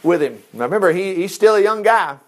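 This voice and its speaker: A man's voice: high-pitched, animated, a little fast. A man teaching a Bible story in a folksy, chatty way, with asides and self-corrections. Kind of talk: casual Bible-study teaching.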